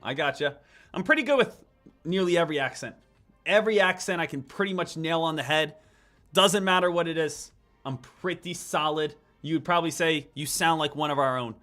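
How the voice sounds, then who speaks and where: A man's voice: on the high side, a little fast, sharp tone, faint music behind. A man hosting a live stock trading stream, chatting casually and repeating each ticker call over and over. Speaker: stock trading livestream host.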